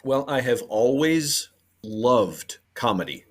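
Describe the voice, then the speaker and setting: A man's voice: medium pitch, very animated, takes it slowly. Middle-aged man from Boston telling stories. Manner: warm storyteller with fillers and laughs. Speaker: podcast guest. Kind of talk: casual chat.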